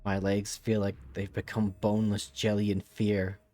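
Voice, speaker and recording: A man's voice: lowish voice, monotone, moderate pace, darkish tone. A man streaming a game, making casual, wry, sometimes profane comments and reading the story text aloud with drama.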